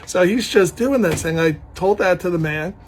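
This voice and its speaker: A man, a proud father, casually telling a story about his son, animated and laughing often as he talks. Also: high-pitched, moderate pace, slight background noise. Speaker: parent telling a family story.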